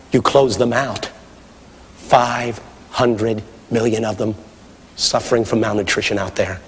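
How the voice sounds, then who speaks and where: Impassioned preacher in a reverberant hall. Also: male voice, on the low side. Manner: impassioned, swinging from shouts to hushed storytelling. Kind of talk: sermon.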